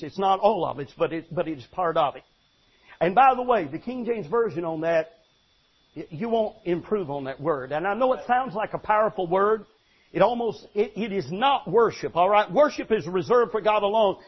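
An older man, a longtime pastor, preaching an animated sermon with emphatic restarts and sudden shouts. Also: sits high, normal speed, breathy edge, lo-fi sound.

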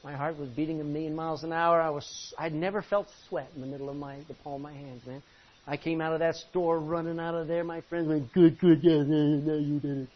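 A man's voice: steady tone, fairly quick. Impassioned preacher man, lo-fi recording. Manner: impassioned, swinging from loud pleading to low intensity. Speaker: pastor. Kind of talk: sermon. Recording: dull lo-fi recording with faint hiss.

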